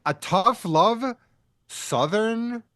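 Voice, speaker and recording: A man in a casual movie chat, making slow and deliberate points. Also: high voice, animated, a bit bright, no echo, clean studio sound.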